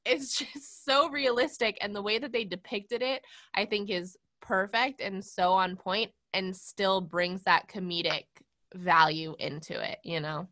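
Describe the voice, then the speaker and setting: A woman with a bright, forceful tone talks through an episode in an easygoing conversation. She laughs often and turns thoughtful when she considers the story's meaning. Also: mid-range voice, fairly even intonation, unhurried. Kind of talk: casual chat discussing an episode.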